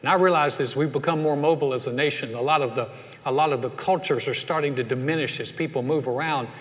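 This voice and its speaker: A man's voice: medium pitch, fast. A middle-aged man from the Southern United States, preaching a sermon full of stories and acting out the people in them. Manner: animated, acts out voices in anecdotes. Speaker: pastor. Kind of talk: sermon with storytelling. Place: church sanctuary. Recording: long hall reverb.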